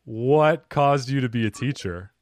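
A man's voice: mid-range voice, measured pace, no room sound. A man hosting a casual podcast interview, joking loosely and swearing freely as he asks questions. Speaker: podcast host. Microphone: remote video call.

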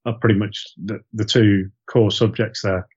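A man's voice: on the low side, level tone, normal speed, darkish tone, slightly rough. A man from the East Midlands chats on a podcast, telling loose, rambling stories in a friendly tone. His voice sits mid-range. The sound is muffled and lo-fi. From East Midlands, England. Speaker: podcast co-host. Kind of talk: casual chat.

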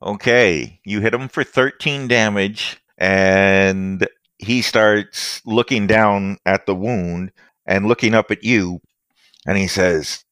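A man narrating as game master of a tabletop role-playing game, lively and playful. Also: on the low side, takes it slowly, clean tone, no room sound, studio quality. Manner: lively, doing character lines between narration.

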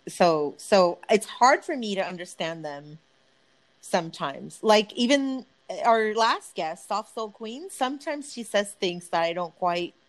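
A woman co-hosting a casual podcast chat, laughing often and talking in an animated way, now and then swearing. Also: medium pitch, unhurried, rough recording. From Texas, US. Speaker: podcast co-host.

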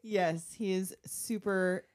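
A woman's voice: medium pitch, takes it slowly. A young woman co-hosting a podcast, recapping a movie in casual chat and laughing easily. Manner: lively, expressive, laughs easily. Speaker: podcast co-host.

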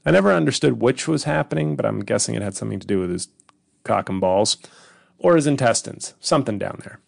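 Brief: sardonic comedian host, gravelly mid voice, dry close mic. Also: male voice, medium pitch, expressive, fast, no room sound. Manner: rambling, profane, sardonic. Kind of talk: casual solo podcast monologue.

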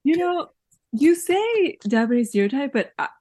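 A woman's voice: sits high, very animated, moderate pace, a little mellow, dry recording. A woman co-hosting a casual movie podcast, laughing often as she talks. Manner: giggly, laughs often while talking. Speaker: podcast co-host. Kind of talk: casual movie recap chat.

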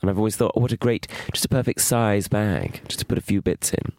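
A middle-aged man co-hosting a comedy podcast, chatting casually in a teasing, wry way with drawn-out emphasis. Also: on the low side, a little mellow, no echo, studio quality.

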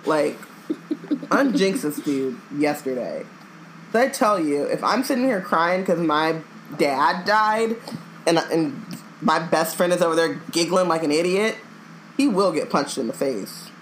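A woman's voice: deep voice, animated, measured pace, a little hiss or hum, poor audio. A woman co-hosting a casual book podcast, blunt and jokey, who swears freely. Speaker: podcast co-host. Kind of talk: casual chat.

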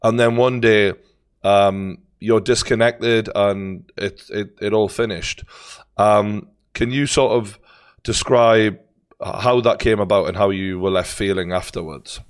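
Geordie male host, lowish voice, hesitant long-winded questions. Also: steady tone, clean tone. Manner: halting, many restarts and fillers. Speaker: podcast host. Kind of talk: interview questions.

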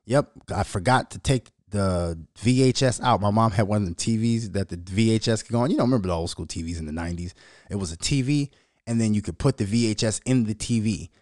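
On his own show, a thirtysomething male host swears his way through lively, animated stories in a relaxed monologue. The voice is fairly low, captured in a dry, studio-quality recording.

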